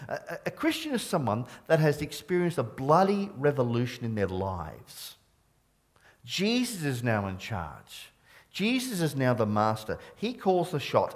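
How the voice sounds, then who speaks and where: Animated, earnest middle-aged male preacher. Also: mid-range voice. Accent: Australian with a trace of Scottish. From Scotland. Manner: earnest and emphatic, with stammered restarts. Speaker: pastor. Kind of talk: sermon.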